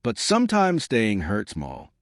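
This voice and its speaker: A man voicing a tired, distant husband in an audio story, speaking flatly and firmly. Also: fairly low pitch, measured pace, no room sound, studio quality, heavily acted. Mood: cold, tired. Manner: flat, cold, firm.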